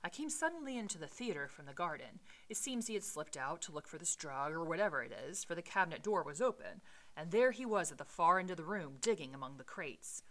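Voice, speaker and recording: A woman's voice: lowish voice, very animated, brisk, fairly bright tone. A woman voicing a loyal, frightened aging male butler, reading earnestly from a storybook. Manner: earnest, pleading.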